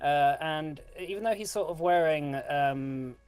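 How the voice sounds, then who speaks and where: A man narrating a tabletop game as game master, halting with fillers and laughs. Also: fairly high pitch, a little mellow, smooth, dry recording.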